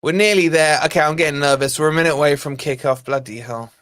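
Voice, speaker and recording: A man's voice: fairly high pitch, fairly even intonation, quick pace, a bit bright, clear, resonant tone, dry recording. A man hosting a football watch-along stream, chatting, joking and mildly swearing to viewers. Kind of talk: casual live-stream chat and commentary.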